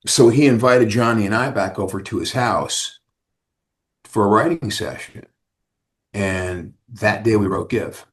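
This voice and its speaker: Speaking in a fairly low voice at a measured pace, a male rock singer recounts stories during a casual interview. He brings them to life by acting out other people's lines.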